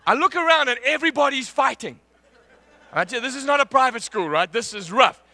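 A man preaching a sermon, telling a personal story in an animated way and laughing often. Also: extremely high pitch, brisk, no room sound.

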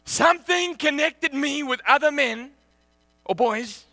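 A man preaching a sermon, telling a personal story in an animated way and laughing often. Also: very high-pitched, unhurried, no room sound.

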